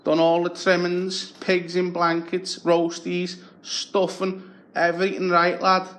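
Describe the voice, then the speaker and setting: A man's voice: high-pitched, completely flat delivery, takes it slowly, fairly bright tone, voice pushed up. A man putting on a scrounging male beggar who pleads and rambles through his patter. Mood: wheedling. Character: wheedling male local beggar, scrounging, chatty.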